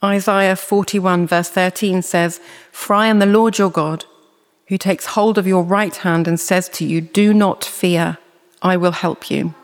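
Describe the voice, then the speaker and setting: A preacher giving a sermon in a measured, earnest way, reading scripture slowly and deliberately. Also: medium pitch, steady tone, long reverb tail.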